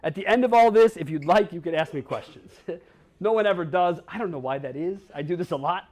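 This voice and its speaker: At a keynote in a conference hall, a Wisconsin man speaks in a high, slightly mellow voice, a little on the fast side. He's blunt and playful with the audience and swears occasionally.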